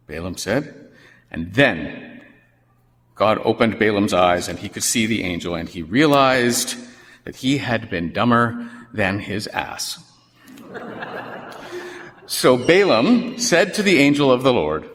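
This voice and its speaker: A man preaching a sermon in a church, telling a story with wry, animated asides. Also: on the low side, takes it slowly, long pauses. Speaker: pastor. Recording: long reverb of a church hall.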